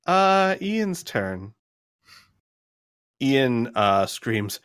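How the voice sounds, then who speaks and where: A man's voice: medium pitch, expressive, slow pace, dry recording, studio quality. A man narrating combat as game master of a tabletop game, rambling and laughing as he counts out damage. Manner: rambling, laughs between lines, counts out loud.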